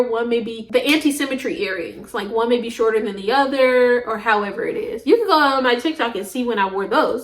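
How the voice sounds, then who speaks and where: High-voiced young woman rambling casually. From Southern United States. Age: young adult. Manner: rambling, jumps from topic to topic, laughs often. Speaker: vlogger. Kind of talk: casual chatty monologue.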